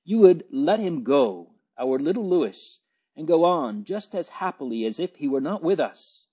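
A man's voice: medium pitch, expressive, unhurried, a little mellow, pitched above the performer's own voice. A man voicing a proud, bitter teenage noble boy who speaks abruptly, in a dull lo-fi recording.

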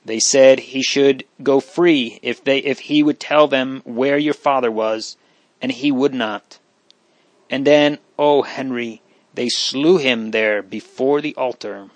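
A man's voice: mid-range voice, steady tone, slow, dry recording, natural voice, poor audio. A man voicing a haughty but remorseful young countess, speaking earnestly. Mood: distressed. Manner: pleading, earnest.

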